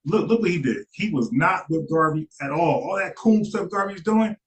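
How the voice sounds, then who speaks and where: Man reacting to a clip, a bit high voiced, fired up and repeating himself. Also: normal speed, poor audio. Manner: animated, acts out quoted voices, repeats phrases. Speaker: commentator reacting to a video. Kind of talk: casual reaction commentary.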